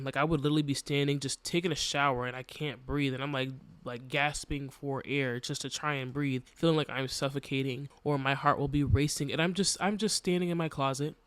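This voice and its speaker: A man's voice: medium pitch, a bit bright, smooth, dry recording. A young man hosting a podcast, talking candidly and reflectively about his own experiences, with a casual, filler-heavy delivery. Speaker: podcast host. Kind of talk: personal podcast monologue.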